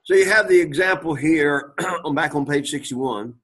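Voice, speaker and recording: A man with a slightly husky, somewhat high voice teaches a Greek grammar class. He reads Greek words aloud, translates them, and keeps asking his students questions, clearing his throat now and then. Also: moderate pace, hardly any pauses, a bit bright. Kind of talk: classroom lecture.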